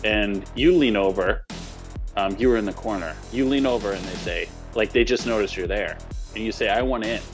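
A man's voice: lowish voice, moderate pace, soft background music. A man in casual conversation, playfully spinning joking hypothetical scenarios for his co-host. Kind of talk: casual chat.

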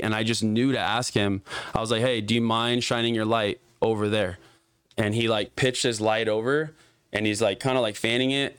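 Young man, lowish smooth voice, dry close mic; casual profane storyteller, filler-heavy. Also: fairly bright tone, dry recording. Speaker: guest telling a story.

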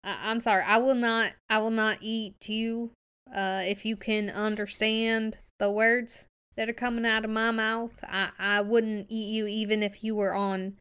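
A woman's voice: fairly high pitch, flat delivery, a little slow, fairly bright tone, clean tone. A woman playing a tabletop game, talking in a hesitant, stammering, apologetic way.

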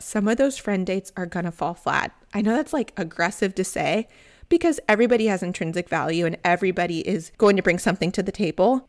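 A Southern American woman in her thirties hosts a solo podcast. She tells stories in a chatty, candid way, and her voice sits at an ordinary middle pitch for a woman. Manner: chatty, candid, animated storytelling. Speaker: podcast host. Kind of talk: casual solo podcast talk.

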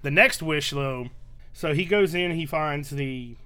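A man in a casual podcast, calmly summarizing movie plot points. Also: a little high, a little slow, clear, resonant tone. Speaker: podcast co-host. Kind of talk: casual film recap chat.

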